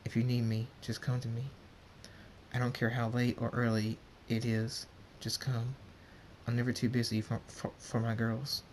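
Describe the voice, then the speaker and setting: A calm, protective stallion uncle speaks in a low-key, quiet way, as a man reads him in his everyday voice. The tone is mid-pitched and steady. A faint hiss lingers in the background. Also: moderate pace, natural voice. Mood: gentle.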